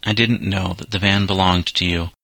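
A man's voice: sits low, fairly even intonation, moderate pace, vocal fry, bright, forceful tone, dry recording, exaggerated voice. Man reading as a timid, earnest teenage boy.

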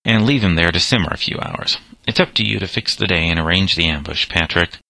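A man's voice: low-pitched, fairly quick, gravelly, sharp tone, dry recording, full character voice. A man reading as a bold teenage gang leader. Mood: commanding. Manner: commanding, decisive.

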